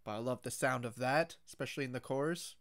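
Clear-voiced man casually reacting to music. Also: mid-range voice, fast. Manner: relaxed, easygoing fan talk with filler words.

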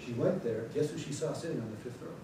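A man, the pastor, giving chatty announcements and telling a lively story to his church. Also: mid-range voice, quick pace, background noise. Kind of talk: church announcements before a sermon. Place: church sanctuary. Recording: echoey sanctuary, distant mic.

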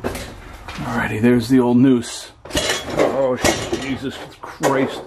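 A nervous man films himself alone on a night ghost hunt, speaking slowly and hesitantly, half to himself. His voice is shaky with fear as he calls out into empty rooms. Crickets and insects chirp clearly behind him. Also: medium pitch, level tone, heavy background noise. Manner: jittery, muttering to himself, calling out into the dark. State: frightened and shaky. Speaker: paranormal vlogger. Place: abandoned trailer at night, indoors and out.

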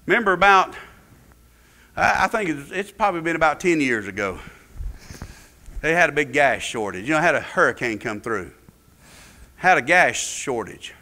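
A male pastor, preaching a fervent sermon that swings between loud peaks and low asides. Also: big pitch swings, moderate pace, long pauses.

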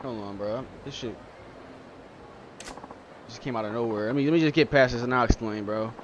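A man hosting a let's-play gaming video, ranting in an excitable, profane way, speaking close to the mic. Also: medium pitch, fairly quick, highs cut off, slight background noise. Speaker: gaming channel host.

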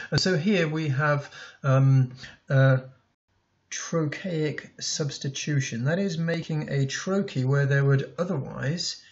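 Slow gravelly guy teaching a lesson, lots of ums while he writes, kinda muffled recording. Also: mid-range voice. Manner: thinks aloud while writing, many ums and restarts.

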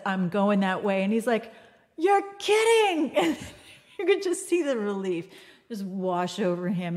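A woman telling a lively story. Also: mid-range voice. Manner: animated storyteller, acting out voices with laughs. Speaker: folk musician hosting a livestream. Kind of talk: casual storytelling chat.

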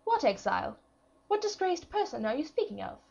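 A woman voicing a proud, coy young princess in an audiobook, pitching her voice up with arch, feigned surprise. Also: sing-song, a little fast, creaky, darkish tone, highs cut off, exaggerated voice.

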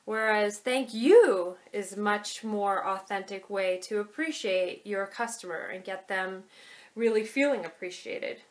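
A woman training restaurant staff, talking casually with some hesitations and acting out lively server lines. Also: mid-range voice, unhurried. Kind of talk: instructional talk with acted examples.

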